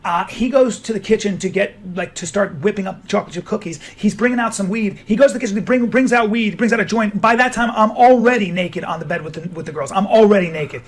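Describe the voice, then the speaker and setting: A man telling a crude, excitable story on a podcast, acting out the voices of the people in it. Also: high-pitched, quick pace, few pauses.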